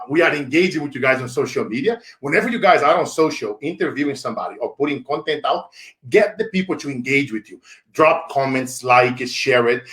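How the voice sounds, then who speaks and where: A man's voice: on the high side, a bit bright. Man from Brazil, playful and laughing, raised voice, roomy echo. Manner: laughs often, playful joking. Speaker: guest. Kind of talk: casual storytelling.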